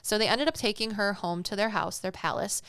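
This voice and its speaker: A woman's voice: medium pitch, brisk, a bit bright, clean tone, no echo. Chatty young woman retelling a myth. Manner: chatty, slangy, playful. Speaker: podcast host.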